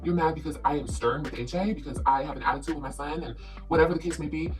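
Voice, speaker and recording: A woman's voice: low-pitched, fast talker, a little mellow. Play her as a blunt, foul-mouthed woman vlogger ranting over background music. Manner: blunt, profane, confrontational. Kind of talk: ranting live video.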